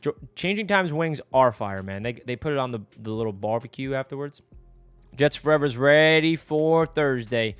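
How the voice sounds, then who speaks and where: A young man from the United States hosting a casual live stream, chatty and rambling, answering viewers and now and then breaking into excited yells. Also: mid-range voice, normal speed, smooth, no echo, soft background music. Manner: excitable, rambling, bursts into yelling.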